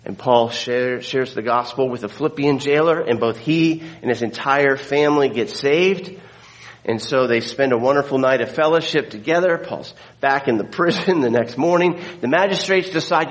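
A man's voice: medium pitch, normal speed, poor audio. A male pastor retelling a scripture story in a conversational sermon, with frequent fillers and restarts.

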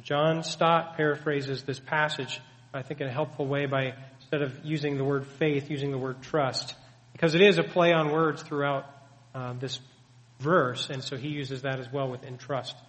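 A man's voice: on the high side, fairly even intonation, normal speed, fairly bright tone. A man preaching a sermon, teaching earnestly and emphatically with many rhetorical questions. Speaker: pastor. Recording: long hall reverb.

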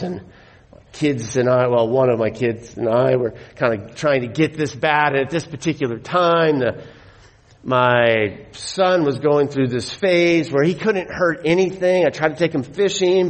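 A middle-aged man preaching a sermon, telling stories with animated delivery and slowing down to stress his points. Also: a little high. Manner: animated storyteller, slows for emphasis. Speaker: pastor.

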